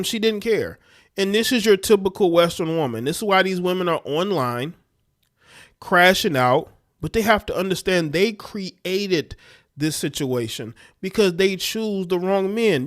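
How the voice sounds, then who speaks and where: A man hosting a livestream, commenting on clips in a blunt and scornful way. His voice sits a bit high for a man, and he speaks straight to his viewers. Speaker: livestream host.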